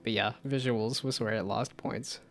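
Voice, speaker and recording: Rambling game-dev streamer, faint music. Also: male voice, mid-range voice, fairly even intonation, moderate pace, creaky, a bit bright. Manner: rambling, self-deprecating, frequent restarts. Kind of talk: casual live-stream chat.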